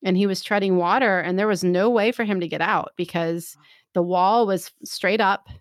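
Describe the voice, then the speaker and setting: Animated woman telling a story. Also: mid-range voice, moderate pace, no echo, studio quality. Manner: animated storytelling, acts out quotes. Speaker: storyteller in a chat. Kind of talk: casual chat.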